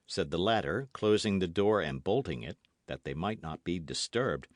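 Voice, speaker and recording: Brief: male narrator, lively intonation, dry close studio sound. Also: low voice, normal speed, few pauses, no echo. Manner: expressive, animated reading. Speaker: audiobook narrator. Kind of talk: scripted narration.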